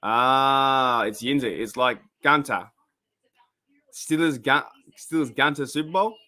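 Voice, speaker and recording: Slow-paced and medium in pitch, an Australian man hosts a live sports reaction stream. He talks casually and rambles, with bursts of excitement as the plays unfold.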